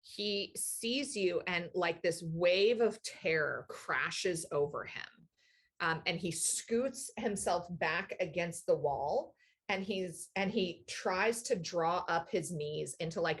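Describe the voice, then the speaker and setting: A woman runs a tabletop game with a lowish voice at an unhurried pace. She narrates thoughtfully and pauses often with fillers. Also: animated, husky. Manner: slow, thoughtful, many fillers. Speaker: game master.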